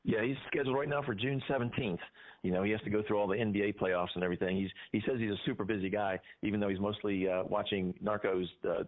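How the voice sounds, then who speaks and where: Sarcastic deep-voiced man on a tinny line. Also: steady tone, fast. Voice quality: sarcastic, rambling. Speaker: radio show co-host. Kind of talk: casual radio chat.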